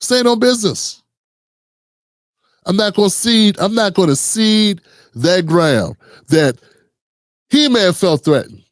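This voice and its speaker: A man's voice: sits high, lively intonation, a little slow, dry recording, clean studio sound. A man hosting a commentary channel, talking casually and earnestly with many restarts and rhetorical questions.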